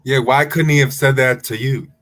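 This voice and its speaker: A man co-hosting a casual talk show, adding calm, measured comments. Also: medium pitch. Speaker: podcast co-host. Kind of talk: casual chat.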